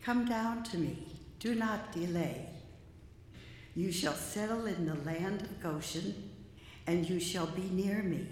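A woman reads scripture in a slow, measured, careful way, her voice a touch low. The sound is heavily echoed with a long reverb tail from a big church, and faint noise sits underneath. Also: a little mellow. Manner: measured, careful reading aloud. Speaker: lay reader. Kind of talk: scripture reading. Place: large church sanctuary.

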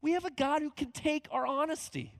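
A man preaching a conversational sermon as pastor, animated, often acting out quoted voices. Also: very high voice, a little fast, dry recording.

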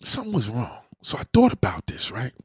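A man casually telling a profane story to his followers, animated and slangy, often asking "you know what I mean". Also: medium pitch, a little fast, breathy edge, no echo, studio quality.

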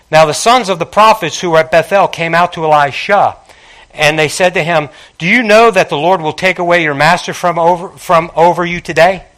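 A man's voice: on the high side, a little fast, a bit bright. A man preaching a sermon, calling out to his congregation and reading scripture with emphasis.

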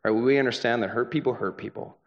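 A man's voice: medium pitch, fast talker, dull audio. A young adult man preaching a sermon as a pastor, talking in a conversational, earnest way with frequent "right?" asides.

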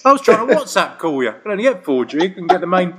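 A man's voice: high voice, big pitch swings, fast talker, a bit bright, slightly rough. A young British man chatting casually as a podcast co-host, telling stories animatedly with laughs and swearing. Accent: British English. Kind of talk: casual chat.

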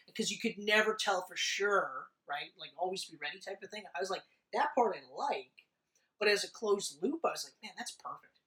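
A man in casual chat about a movie, talking excitedly and swearing a lot. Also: high-pitched, normal speed, recorded from a distance, rough recording. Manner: excited, profane, swears often.

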